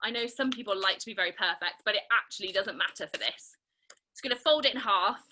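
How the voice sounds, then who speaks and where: A woman's voice: mid-range voice, slight background noise, rough recording. A young woman leading an online family theatre and craft session, playful and encouraging as she guides children step by step. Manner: bright, playful and encouraging, speaking slowly to children. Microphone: video call.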